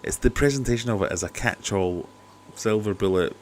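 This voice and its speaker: Talking a little fast in a lowish voice, a man hosts a laid-back aquarium stream from home, skeptical, chatty, and prone to jokey asides. The cheap desk microphone picks up slight background noise.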